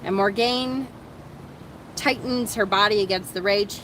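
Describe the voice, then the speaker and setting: A woman hosting a casual book discussion, reading passages aloud and commenting in a chatty, animated way with lots of fillers, recorded outdoors on sand. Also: mid-range voice, unhurried, rough recording.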